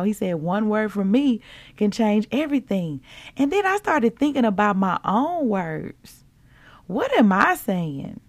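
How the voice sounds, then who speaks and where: A woman's voice: mid-range voice, no echo. A woman, hosting a devotional podcast in a playful, preachy way, talking straight to her listeners. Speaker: podcast host. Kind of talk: casual devotional podcast talk.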